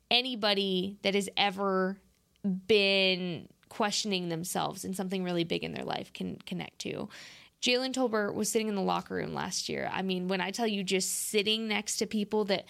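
A woman's voice: mid-range voice, vocal fry, fairly bright tone. A woman hosting a podcast in casual chat, reading sponsor spots loosely with restarts. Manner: loose, chatty, stumbles and restarts while reading. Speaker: podcast host.

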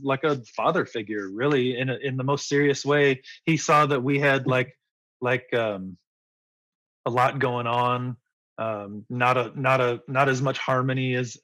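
A man's voice: mid-range voice, steady tone, unhurried, a bit bright, no room sound, poor audio. A man in his forties, a musician being interviewed, talking in a rambling, enthusiastic way. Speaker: musician guest. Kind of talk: casual interview.

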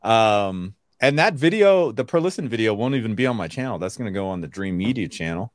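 A man co-hosting a podcast in casual chat, blunt and quick to swear, laughing often at his own jokes. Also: lowish voice, expressive, no room sound, clean studio sound. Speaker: podcast co-host.

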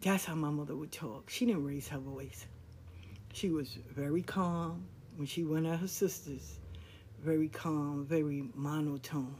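A podcast host telling a family story in a relaxed, conversational, slangy way. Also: medium pitch, unhurried, a little hiss or hum. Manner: conversational, relaxed, slangy, with lively quoted dialogue. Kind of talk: casual storytelling monologue.

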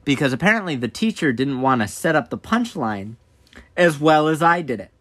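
A man's voice: normal speed, no room sound, clean studio sound. A man co-hosting a podcast, telling a childhood story in casual chat and acting out the other people in it. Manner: animated, acts out quoted voices with big pitch jumps. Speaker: podcast co-host.

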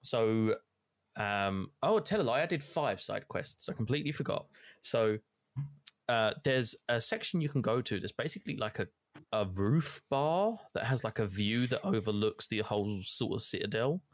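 Young guy, low voice, dry sound, rambly casual gamer chat with swearing. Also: expressive, normal speed, dry recording. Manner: rambling, filler-heavy storytelling, swears casually. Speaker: gamer recapping play.

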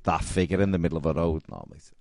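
A man's voice: fast talker, darkish tone, no room sound, clean studio sound. A man co-hosting a casual podcast who mostly chimes in with short reactions. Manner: deep voice with swooping pitch, short reactions. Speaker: podcast co-host. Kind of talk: casual chat.

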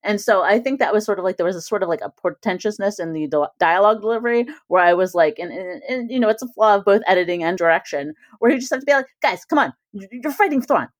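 An animated woman in casual podcast chat, her voice sitting in a middle register and recorded close and dry, with no room around it. She laughs a lot and keeps slipping into slow, droning mock voices to make her point. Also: medium pitch, dry recording. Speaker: returning guest, former cohost.

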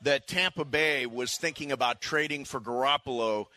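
A man hosting a sports radio show in a studio, chatting in an animated, excitable way. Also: mid-range voice, dry recording. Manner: animated, excitable, quick to react. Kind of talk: casual sports radio chat.

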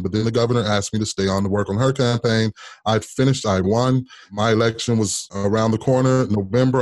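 A man from Kansas, a state senator, telling a personal story as an interview guest in an animated way, often repeating words as he goes. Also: fairly low pitch, no echo. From Kansas, United States.

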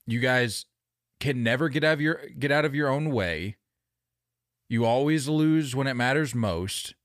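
A man co-hosting a sports podcast, chatting casually with animated, opinionated banter. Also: medium pitch, measured pace, no room sound, clean studio sound. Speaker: podcast co-host. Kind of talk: casual chat.

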